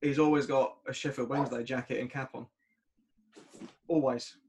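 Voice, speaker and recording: Young man, podcast host, casual chat, mid-pitched voice, laughs easily. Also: steady tone, normal speed, a little mellow, a little hiss or hum.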